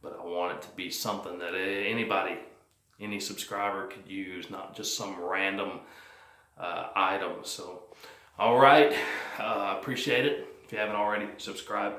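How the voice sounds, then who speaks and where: Speaking at a moderate pace in a low, steady, sharp-toned voice, a man vlogs about his team after the game. The room is echoey, the house cold, and his commentary wanders with lots of fillers and plain talk.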